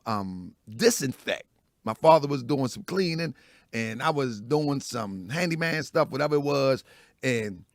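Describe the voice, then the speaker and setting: A man with a raspy voice hosting a casual morning show, telling stories loudly and laughing as he goes. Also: medium pitch, no echo, studio quality. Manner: loud, animated storytelling with laughs. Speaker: host.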